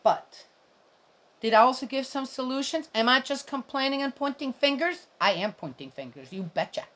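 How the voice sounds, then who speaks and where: A woman's voice: high-pitched, animated, normal speed, a bit bright. A middle-aged woman giving casual, indignant commentary on a Bible reading, rambling and speaking straight to her viewers.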